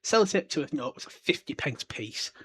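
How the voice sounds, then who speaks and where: A man's voice: a little high, sing-song, a little fast, fairly bright tone, slightly rough. Chatty British man in his twenties. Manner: rambling, chatty, swears casually, frequent fillers. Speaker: podcast host. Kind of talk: casual book discussion.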